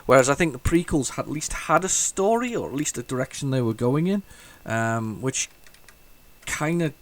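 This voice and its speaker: Rambling, excitable male retro gamer. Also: medium pitch, moderate pace. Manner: rambling, thinks aloud with many restarts; excitable bursts over the game. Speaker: retro gaming channel host. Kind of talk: casual gameplay commentary.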